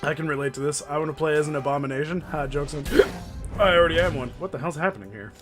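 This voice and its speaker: Game music plays beneath a man streaming a video game, who chats and jokes with viewers in a loose, laughing manner. His voice is on the high side and fast, the tone of casual live-stream commentary.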